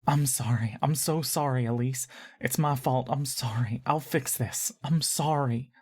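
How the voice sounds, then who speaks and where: Woman voicing a young half-elven man, gentle, soft-spoken, caring, fantasy audio story. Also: a bass voice, a little slow, breathy edge, full character voice. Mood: distraught.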